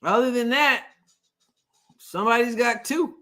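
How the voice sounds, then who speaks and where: A woman's voice: fairly high pitch, a little slow, bright, forceful tone. A middle-aged woman hosting a casual live stream, laughing often as she chats with her viewers. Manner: laughs often, sings playful call-and-response prayer lines.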